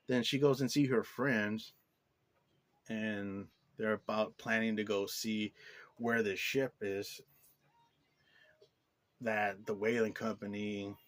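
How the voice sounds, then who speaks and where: Low-voiced man rambling through a review. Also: fairly bright tone, no room sound. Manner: rambling, heavy use of "like" fillers; blunt and profane. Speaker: movie reviewer. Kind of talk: casual spoken review.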